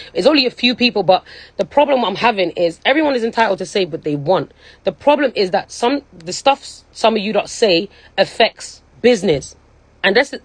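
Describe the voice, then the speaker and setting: A woman's voice: mid-range voice, no room sound. A young woman, speaking casually and emphatically on a phone live stream, often checking in with her listeners. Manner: emphatic, keeps repeating "you know what I'm saying". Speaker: livestreamer.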